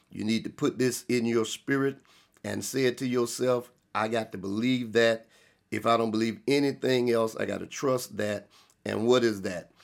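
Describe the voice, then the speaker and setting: Gravelly-voiced preaching pastor, a man. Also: on the low side. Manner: preaching with sudden loud emphatic rises and slow drawn-out stresses. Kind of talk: sermon.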